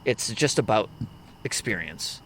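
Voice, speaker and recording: A man hosting a casual podcast, talking reflectively with halting restarts. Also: lowish voice, lively intonation, fairly bright tone, a little hiss or hum. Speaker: podcast host.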